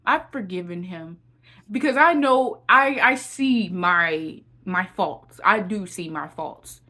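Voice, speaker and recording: Speaking slowly in a lowish, expressive voice with a sharp tone, a young woman offers viewers heartfelt testimony and encouragement. She's a Christian encouragement vlogger who repeats phrases a lot and calls her audience y'all.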